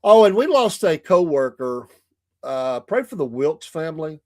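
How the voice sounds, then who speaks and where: A man's voice: on the high side, very animated, measured pace, darkish tone, no room sound, clean studio sound. A Southern American man hosting a morning livestream show, chatty and folksy, laughing often. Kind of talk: casual livestream chat. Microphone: streaming mic.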